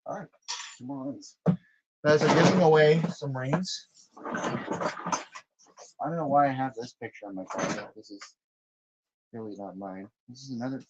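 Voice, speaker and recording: A man's voice: medium pitch, a little slow, pauses often, lo-fi sound, heavy background noise. A young man vlogging casually while cleaning his room, rambling with frequent restarts and lots of swearing, often muttering to himself.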